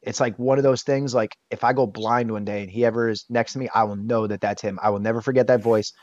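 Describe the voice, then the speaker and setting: A man's voice: medium pitch, fast talker, no echo. Candid man telling a story. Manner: animated, candid storyteller who swears casually. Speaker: interview guest. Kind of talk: casual storytelling. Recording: dull, dry sound.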